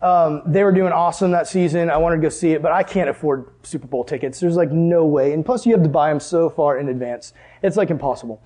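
A man's voice: quick pace, few pauses. A young man preaching to a youth group, telling a funny story and acting out both sides of the conversation. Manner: animated, jokey, acts out dialogue with big pitch jumps. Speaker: youth pastor. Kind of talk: sermon with storytelling.

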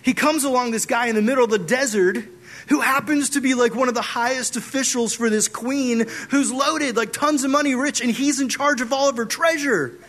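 A young man preaching a casual youth group sermon, animated and acting out conversations with God as he retells a Bible story. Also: very high voice, brisk. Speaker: youth pastor.

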